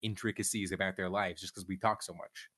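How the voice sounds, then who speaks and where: A man's voice: low voice, steady tone, fairly quick, a bit bright. Candid, profane young man chatting. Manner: profane, candid, rambling with restarts. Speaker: streamer guest. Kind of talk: casual chat.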